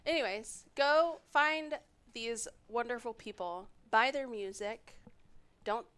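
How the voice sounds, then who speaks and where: A woman's voice: fairly high pitch, slow, fairly bright tone, clean tone. A woman hosting a radio show, upbeat and encouraging as she prompts her guest. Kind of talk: casual radio chat. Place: radio studio.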